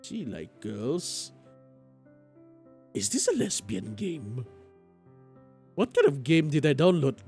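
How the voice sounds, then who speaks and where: A man chatting to viewers during a live game stream, laughing and stammering through restarts. His voice sits a touch high and swings about lively, with faint game music playing underneath. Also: measured pace, pauses often, husky.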